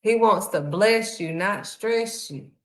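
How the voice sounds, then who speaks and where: A woman's voice: mid-range voice, slow pace, fairly bright tone. A woman, preaching a sermon in a heartfelt, conversational way. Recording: echoey room.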